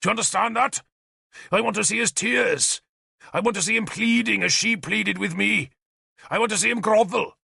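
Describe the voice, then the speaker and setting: Brief: a man voicing a vengeful warlord king in an audiobook, raised pitch, gravelly, shouted threats. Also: moderate pace, dry recording, studio quality, exaggerated voice. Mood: furious. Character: raging one-armed warlord king, cruel, vengeful.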